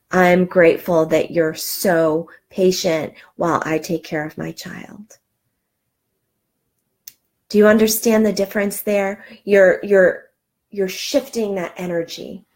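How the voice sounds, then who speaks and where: A woman's voice: fairly low pitch, steady tone, slow, darkish tone. A middle-aged woman giving an earnest, encouraging self-help talk, with frequent ums and restarts. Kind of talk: motivational talk.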